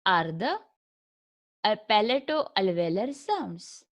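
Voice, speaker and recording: A woman's voice: a little high, big pitch swings, measured pace. A woman with an Indian accent giving a recorded phonetics lecture as an English lecturer, patiently repeating and drilling each sound.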